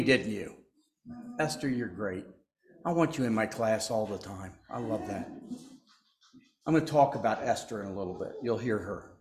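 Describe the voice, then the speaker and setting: A man preaching a sermon as pastor, speaking in a folksy way and joking with the congregation between points. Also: mid-range voice. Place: church sanctuary. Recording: echoey church.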